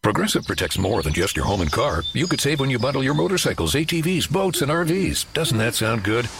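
A man's voice: medium pitch, sing-song, a little fast, noisy background. A man reading a scripted insurance ad in a playful, jokey way. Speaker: ad announcer. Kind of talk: scripted ad read. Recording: music bed under voice.

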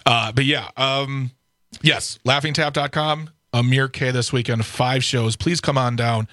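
A man's voice: mid-range voice, steady tone, unhurried, pushed and bright, no echo, studio quality. A man hosting a radio show, chatting casually and rambling, laughing often as he talks. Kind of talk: casual studio banter.

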